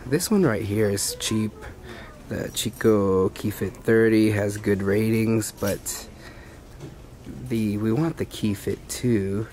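A man with a rough, gravelly voice, chatting in a laid-back, rambling way for a vlog while out shopping. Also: fairly low pitch, takes it slowly, darkish tone, a little hiss or hum. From Hawaii. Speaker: vlogger. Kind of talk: casual vlog chat. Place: car and a big-box store.

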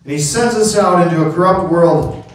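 A man's voice: on the high side, moderate pace. A middle-aged male pastor preaching a sermon, telling stories and calling out amen to the congregation. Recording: very echoey hall, mic from a distance.

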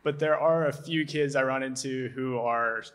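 A man's voice: medium pitch, fairly even intonation, normal speed, fairly bright tone. A young male student asking a speaker a question at an audience microphone, hesitant and full of "like" fillers. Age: young adult.

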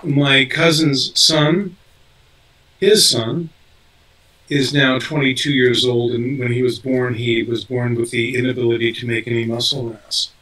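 A man's voice: mid-range voice, fairly even intonation, measured pace, pushed and bright, far from the mic, rough recording. An older man, an actor being interviewed, talking casually with lots of fillers and restarts. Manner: rambling, many fillers and restarts. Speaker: actor guest.

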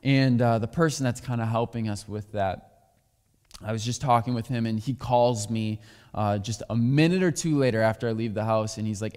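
A man's voice: medium pitch, moderate pace, a little mellow, clean tone. A man preaching a sermon as pastor, talking candidly and sharing personal stories. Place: church sanctuary. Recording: long hall reverb.

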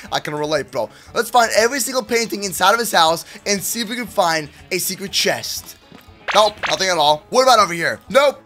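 Hyped young man narrating a game. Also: high-pitched. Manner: hyped, hushed stealth narration. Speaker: gaming video host. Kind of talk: energetic game commentary.

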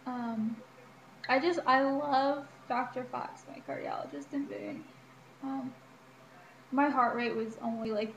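Chatty young woman, echoey room. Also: on the high side. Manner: chatty, frequent ums and likes, laughs between remarks. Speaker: vlogger. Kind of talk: casual personal health update vlog. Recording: echoey room with faint ambient noise.

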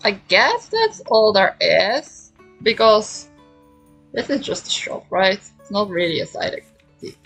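A woman streamer chats through a farming game in a soft, slightly breathy voice at an everyday pitch. She reads the characters' lines aloud and answers them playfully, often repeating short phrases twice. Quiet game music plays underneath. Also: big pitch swings, unhurried, poor audio. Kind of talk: casual gameplay chat, reading dialogue aloud. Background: faint game music.

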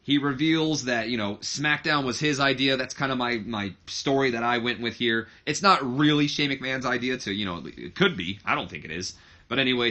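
A man's voice: medium pitch, pushed and bright. A man narrating a wrestling game in a casual, rambling way, correcting himself as he goes. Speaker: let's-play creator.

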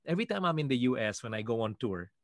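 A man from the Philippines, a guest singer, telling stories in a lively way and acting out what others said. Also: mid-range voice, very fast. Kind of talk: animated storytelling.

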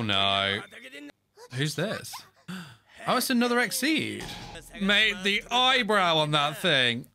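Excitable young man reacting. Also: medium pitch. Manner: excitable, frequent laughter and "mate". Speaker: anime reaction host. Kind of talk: casual reaction commentary.

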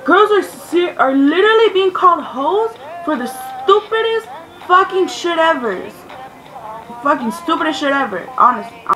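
A woman vlogger ranting loudly and profanely, exasperated and swearing as she vents. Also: very high voice, animated, moderate pace, rough recording. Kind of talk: ranting vlog. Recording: music playing loudly behind. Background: music.

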